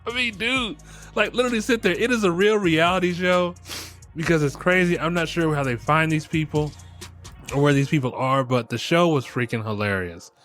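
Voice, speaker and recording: A man's voice: a little high, brisk, faint music behind. A middle-aged man hosting a podcast in a casual comic monologue, laughing often, swearing freely and talking straight to his listeners. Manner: animated, laughing, profane, talks to listeners as y'all. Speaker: podcast host.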